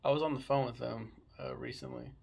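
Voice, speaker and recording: A man's voice: mid-range voice, big pitch swings, fairly quick, creaky, a little mellow. A man casually chatting about a book he read, rambling and swearing freely. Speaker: book reviewer. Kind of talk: casual book review chat.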